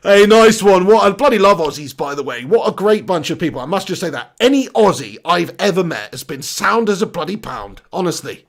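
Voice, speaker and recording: A British man hosts a casual live football stream, chatting and reading viewer comments aloud. His voice sits high and swings widely, with a gravelly fry at the ends of phrases. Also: expressive, normal speed, hardly any pauses. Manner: chatty, laughs often, reads out viewer comments.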